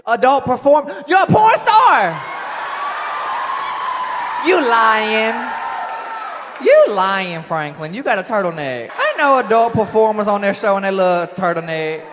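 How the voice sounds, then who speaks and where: Guy roasting the crowd on stage, slow drawl, big noisy audience all around. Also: high voice, very animated. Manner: brash, teasing, shouts punchlines. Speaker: stand-up comedian. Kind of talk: crowd work in stand-up. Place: comedy venue with a live audience. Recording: live stage mic, loud crowd noise.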